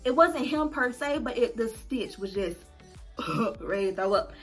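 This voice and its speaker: A young adult woman vlogger telling a story to her viewers in a casual, animated and dramatic way. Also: a little high, a little slow, faint music behind.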